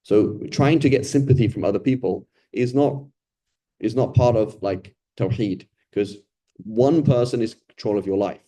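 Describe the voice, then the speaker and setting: Mellow-voiced man teaching a casual Quran lesson. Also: on the low side, moderate pace. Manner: conversational, often ends points with "right?"; acts out quoted complainers and beggars.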